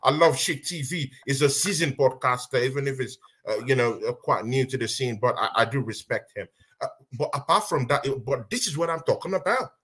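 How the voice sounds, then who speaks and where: A man, co-hosting a casual football podcast, talking in an animated, exasperated way and repeating himself. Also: mid-range voice, a little fast, husky. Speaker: podcast co-host.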